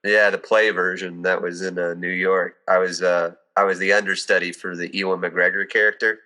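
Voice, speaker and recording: A young man from the United States chats with a bright, forward tone and a slightly low voice. He tells animated stories, slipping into voices as he goes. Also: normal speed. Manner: animated storyteller, acts out voices. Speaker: guest actor. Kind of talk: casual chat.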